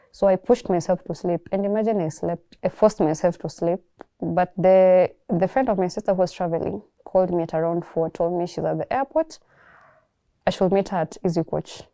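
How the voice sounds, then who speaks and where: A young Kenyan woman calmly telling her personal story, reflective and soft-spoken, often pausing to restart a thought. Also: fairly low pitch, no room sound, studio quality. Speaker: guest sharing her story. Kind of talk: personal testimony.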